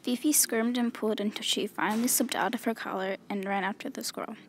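A woman reading a children's story aloud in a clear, measured storytelling voice. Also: medium pitch, steady tone, a little hiss or hum. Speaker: storybook reader.

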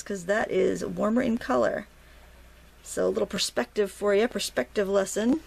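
Middle-aged woman, Maine accent, slightly gravelly, chatty art teacher, casual and playful. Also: medium pitch, normal speed. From Maine, USA. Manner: chatty, self-talking while painting, playful asides. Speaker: watercolor instructor. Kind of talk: casual painting tutorial.

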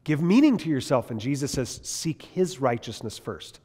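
A man teaching a Bible class in a lively, conversational way, asking his listeners questions as he goes. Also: mid-range voice, moderate pace, in a large hall. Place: large classroom or hall.

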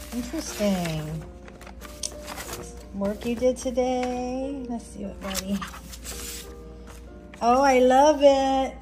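High-voiced doting mother. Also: warm tone. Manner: doting and affectionate toward her son. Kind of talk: casual family vlog chat.

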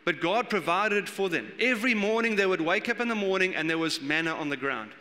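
A man preaching a sermon as pastor, animated and acting out the voices he quotes. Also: high-pitched, a little fast. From South Africa. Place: church hall. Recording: long church hall reverb.

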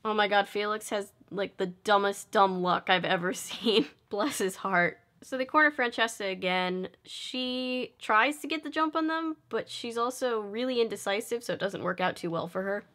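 A woman's voice: medium pitch, moderate pace, hardly any pauses, fairly bright tone. A young woman vlogger giving casual, sarcastic film commentary, joking and laughing often.

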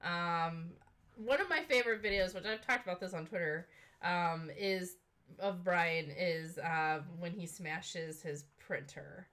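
A woman hosting a reaction video, talking casually in a gushing, excitable way with lots of fillers. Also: on the low side, measured pace. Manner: gushing and excitable, full of "oh my god" and "like".

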